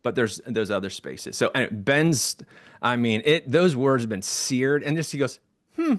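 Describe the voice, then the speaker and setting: A man co-hosting a church leadership conversation, telling stories with animated quoted voices. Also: mid-range voice, normal speed, no echo, studio quality. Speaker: ministry leader and podcast co-host. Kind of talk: casual conversation.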